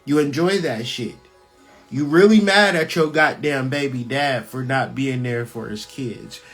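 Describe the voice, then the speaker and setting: A man's voice: medium pitch, a bit bright, soft background music. A man hosting his own channel, giving blunt, profane spiritual commentary on a scripture reading, hammering points home with repetition. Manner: blunt, profane, preaching-style emphasis; repeats phrases for emphasis, slows on key words. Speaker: channel host.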